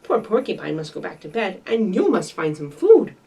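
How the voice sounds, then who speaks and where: A woman voicing an excited young male woodland animal, gasping out urgent warnings. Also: medium pitch, normal speed, creaky, slightly rough, recorded from a distance, heavily acted. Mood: breathless alarm.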